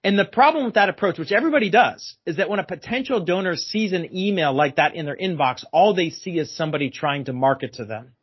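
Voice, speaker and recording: A man's voice: high-pitched, animated, quick pace, hardly any pauses, husky. A man as a guest expert on a podcast interview, explaining at length and emphatically repeating his key phrases. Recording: dull lo-fi sound.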